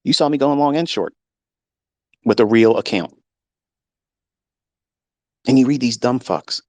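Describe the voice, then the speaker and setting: Middle-aged male trading mentor, foul-mouthed rant, mid pitch, dry close sound. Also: measured pace, no echo. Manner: profane, combative, swings from low musing to shouting. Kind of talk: unscripted rant to listeners. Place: home basement.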